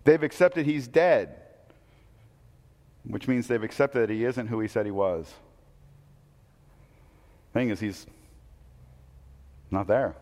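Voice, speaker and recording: A man preaching a sermon, telling the story with animated, acted-out quotes. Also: mid-range voice, takes it slowly, long pauses, in a large hall. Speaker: pastor.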